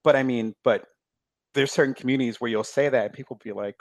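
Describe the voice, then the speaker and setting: A man's voice: mid-range voice, steady tone, dry recording. Reflective man in a dry room. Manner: reflective, halting with fillers. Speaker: author, guest. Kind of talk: casual conversation.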